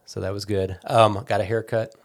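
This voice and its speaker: A man co-hosting a casual podcast chat with dry, deadpan humor. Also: lowish voice, normal speed. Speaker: podcast co-host.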